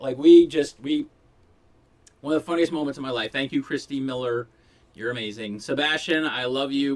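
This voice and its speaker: A middle-aged male stand-up comedian ranting in a crude, blunt, meandering way about his past. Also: a little high. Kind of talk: profane rambling rant.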